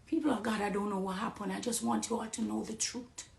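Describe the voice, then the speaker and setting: A woman with a Jamaican accent gives an impassioned testimony, pleading one moment and loud and emphatic the next. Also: medium pitch, steady tone, fast talker, vocal fry, echoey room.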